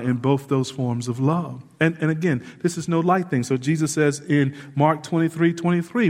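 A man preaching a sermon as pastor, lively and casual with asides and laughs to the congregation. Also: medium pitch. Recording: hall reverb.

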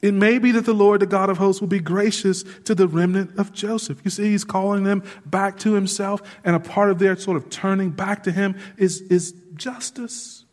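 A man preaching a sermon as pastor, lively and casual with asides and laughs to the congregation. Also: sits high, moderate pace, hardly any pauses. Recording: hall reverb.

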